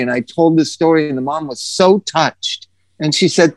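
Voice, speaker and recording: Casting: talkative man on a casual chat show, a touch high, very dry sound, animated and profane. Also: dry recording. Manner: animated storyteller, swears freely, quick asides.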